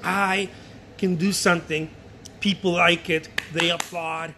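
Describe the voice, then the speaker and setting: A man voicing a proud little boy who speaks in a hushed, half-whispered way. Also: sits high, steady tone, unhurried, noisy background. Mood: pleased.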